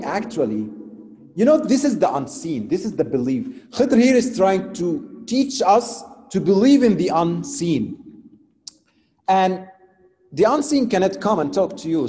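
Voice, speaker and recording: Male preacher, slightly high voice, animated storytelling, long hall reverb. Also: normal speed. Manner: animated, swings from loud to soft, non-native phrasing. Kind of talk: sermon storytelling.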